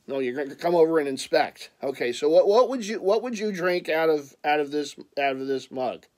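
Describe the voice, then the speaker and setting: Talking about things he bought, a Philadelphia-accented vlogger from that area speaks a little high and fairly quick, with lively intonation and a darkish tone. His casual chat is rambling, full of stammered restarts and playful teasing.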